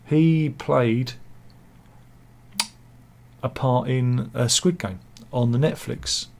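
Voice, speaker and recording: A man's voice: mid-range voice, very slow, vocal fry, darkish tone, a little hiss or hum. A man giving casual satirical news commentary, full of wry self-mocking asides and mock-dramatic quips. He talks over pictures he shows. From England.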